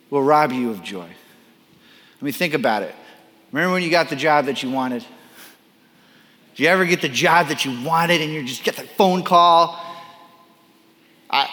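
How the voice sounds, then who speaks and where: Animated male pastor in a big reverberant hall. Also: sits high. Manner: animated, acts out quoted voices, self-deprecating asides. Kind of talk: sermon.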